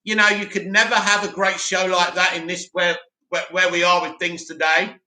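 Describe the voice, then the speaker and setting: A man hosting a live stream, chatting casually and answering viewer comments in an animated way. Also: sits high, normal speed, echoey room. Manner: chatty, animated, mocks a dramatic voice.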